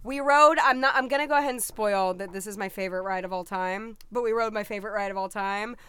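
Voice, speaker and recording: A woman's voice: mid-range voice, fast, fairly bright tone, clean tone, no echo. A young woman chatting casually with a friend, bubbly and full of fillers. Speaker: vlogger. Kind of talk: casual chat.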